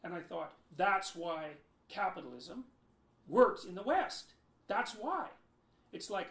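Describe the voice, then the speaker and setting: A man giving long explanatory interview answers in his home, emphatic and lecturing, with sharp swings between loud and quiet. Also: high-pitched, big pitch swings, slow. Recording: roomy echo.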